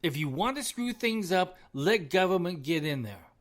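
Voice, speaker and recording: A man's voice: high-pitched, lively intonation, moderate pace. Middle-aged guy ranting on his own podcast, punchy and repetitive, chuckles a lot. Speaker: podcast host. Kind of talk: solo opinion podcast rant.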